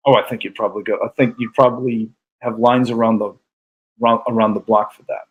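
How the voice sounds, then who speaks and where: Husky easygoing man with a New England accent. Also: medium pitch, level tone, fast, phone-quality sound. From New York. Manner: easygoing and chatty, with frequent fillers. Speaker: guest musician. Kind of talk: casual chat.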